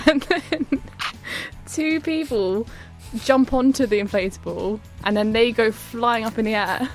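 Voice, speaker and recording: A woman's voice: fairly high pitch, measured pace, soft background music. A young woman on work experience reviewing a TV show on radio, hesitant and a bit giggly. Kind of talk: casual radio chat.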